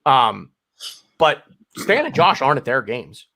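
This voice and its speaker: A man's voice: mid-range voice, measured pace, gravelly. An American man co-hosting a casual football podcast, talking animatedly and often restarting his sentences. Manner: animated, with frequent restarts and repeated words. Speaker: podcast co-host.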